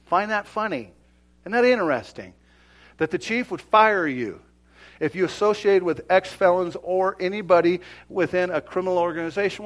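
A middle-aged pastor preaching a sermon in a conversational way, dropping to near whispers and rising to loud exclamations. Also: male voice, high voice, normal speed.

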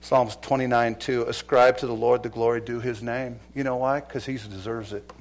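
A male pastor preaching a sermon with passion, swinging between loud exclamations and quiet, low drops. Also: steady tone, normal speed.

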